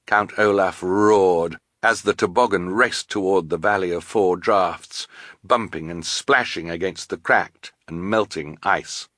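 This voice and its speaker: A man narrating an audiobook with a wry, expressive reading. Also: low voice, unhurried, no echo, clean studio sound. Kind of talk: scripted narration.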